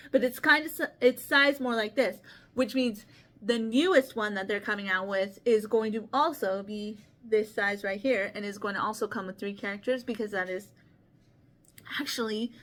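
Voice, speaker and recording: A woman with a noticeable lisp talks straight to the camera in a loose, chatty vlog, tripping over her words now and then. Her voice sits a little higher than most, and she comes across as shy and sincere, laughing often. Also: fairly bright tone. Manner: rambling and chatty with restarts and small stutters. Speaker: board game channel host. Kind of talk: casual vlog talk showing games to camera.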